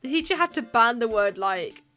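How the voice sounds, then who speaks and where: A woman's voice: fairly high pitch, lively intonation, moderate pace, sharp tone, faint music behind. Chatty, giggly woman streamer. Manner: chatty, giggly, greets chat viewers. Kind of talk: casual let's-play commentary and reading game text. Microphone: desk mic, live stream.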